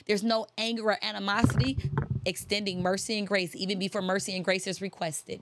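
A woman delivers a faith-based motivational talk straight to her listeners. She is emphatic, hammers her points home by repeating them, and lifts into preachy peaks. Her voice sits at a middle pitch, and the recording is dry and close. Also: fairly even intonation, brisk, no room sound. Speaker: motivational speaker.

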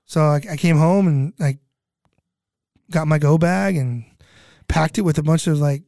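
A man in his thirties, guesting as a disaster relief cook, tells rambling stories from relief work in a casual chat, heavy on "you know" and swearing. His slightly high voice is unhurried, a little mellow, with vocal fry, in studio-quality audio with no echo.

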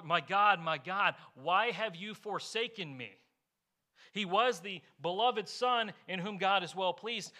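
A man's voice: on the high side, pushed and bright. A man pastor preaching a sermon in an earnest way, asking rhetorical questions and explaining with homely examples.

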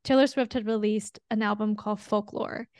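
A young adult woman, a pharmacist co-hosting a podcast, talking in a casual, earnest way and quick to get emotional. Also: medium pitch, steady tone, darkish tone, no room sound, clean studio sound.

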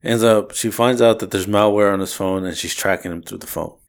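A man with a fairly low voice talks through a film's plot in a loose, rambling way. He jumps between scenes and throws in quick bits of the characters' dialogue as he goes. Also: vocal fry, smooth. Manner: rambling, acts out lines from scenes. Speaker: podcast co-host. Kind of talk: casual movie recap.

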